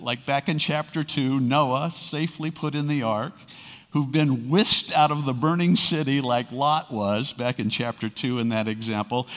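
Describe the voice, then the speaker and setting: A man's voice: mid-range voice, a little slow, fairly bright tone. A male pastor preaching a sermon in a conversational way, asking his listeners rhetorical questions and paraphrasing scripture. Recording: long reverb of a large hall.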